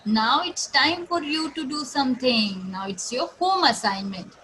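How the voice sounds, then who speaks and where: An Indian woman teaching young children an English lesson, explaining slowly in a sing-song manner and imitating animal sounds. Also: high voice, expressive, bright, forceful tone, a little hiss or hum, rough recording. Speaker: schoolteacher.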